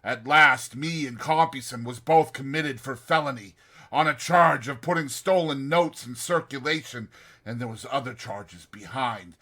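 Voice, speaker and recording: A rough old convict recounts his past in blunt, ungrammatical old-fashioned speech, as a man reads him in an audiobook. The voice is bright and keen, at an ordinary middle pitch. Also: normal speed. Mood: grim. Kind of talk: audiobook reading.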